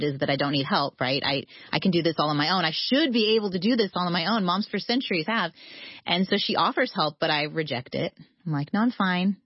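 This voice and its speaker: A woman speaking as a podcast guest, telling a story in an animated, conversational way and acting out the voices she quotes. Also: low-pitched, no echo, lo-fi sound.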